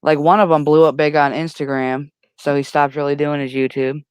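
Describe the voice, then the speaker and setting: A woman's voice: low-pitched, flat delivery, brisk, clean tone. A woman in a casual livestream chat, laid-back and teasing back with laughs.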